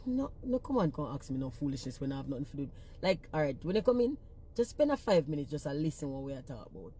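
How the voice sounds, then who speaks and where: A woman's voice: sits low, sing-song, fast talker, dark tone, slight background noise. A woman with a thick Jamaican Patois accent, a singer-songwriter ranting bluntly and with profanity in a casual social media talk.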